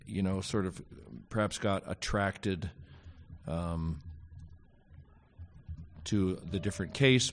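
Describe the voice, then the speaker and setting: A man with a fairly low voice lectures on Greek grammar to a class. He speaks haltingly, filling pauses with fillers and slipping in wry asides. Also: slight background noise. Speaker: Greek teacher.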